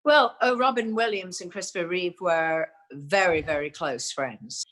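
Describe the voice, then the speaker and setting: An older woman with an English accent speaks in a fairly low register, telling stories as an interview guest. She rambles through her memories, with many small restarts and "you know"s. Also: a little slow, a bit bright. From England. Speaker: guest actress. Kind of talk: reflective interview talk.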